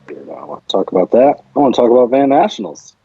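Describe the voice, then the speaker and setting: Michigan guy on a podcast, husky voice, bouncy pitch, kinda muffled lo-fi sound, goofy and laid back. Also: sing-song, rapid-fire, no echo. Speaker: podcast co-host. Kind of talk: casual chat. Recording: dull lo-fi sound.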